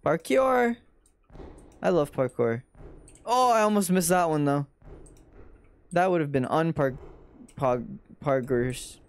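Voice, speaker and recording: A man's voice: a little high, animated, measured pace, pauses often, clean tone. A young man streaming a video game, chatting and mocking himself as he plays. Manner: self-mocking, exclaims often. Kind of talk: gaming commentary. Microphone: desk mic.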